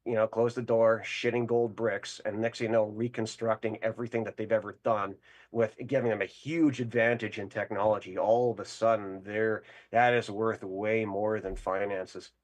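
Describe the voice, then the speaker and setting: A man's voice: on the low side, level tone, moderate pace. A Canadian man calling in to a show, telling a crude, boastful story in a rambling way and laughing along. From Winnipeg, Canada. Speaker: caller. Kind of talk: casual call-in storytelling.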